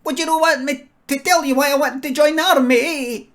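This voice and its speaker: A man's voice: extremely high pitch, steady tone, fairly quick, fairly bright tone, voice pushed up. A Scottish man voicing a nervous, eager young male gamer trying to join the army, who tags "eh?" onto his sentences. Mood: indignant. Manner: ends sentences with a questioning "eh".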